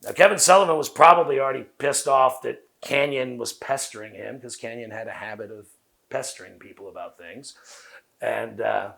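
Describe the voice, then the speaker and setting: A man with a Southern US accent, a guest in an interview, telling long profane stories full of quoted dialogue at a rapid clip. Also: medium pitch, gravelly, fairly bright tone. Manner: fast talker. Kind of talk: casual interview storytelling.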